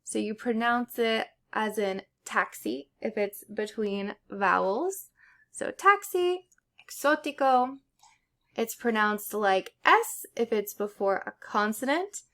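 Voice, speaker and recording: Young female teacher, a bit high-pitched, slow and patient, walks through letter sounds with examples. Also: a bit bright. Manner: explains step by step with examples. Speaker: Spanish teacher. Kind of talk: casual pronunciation lesson.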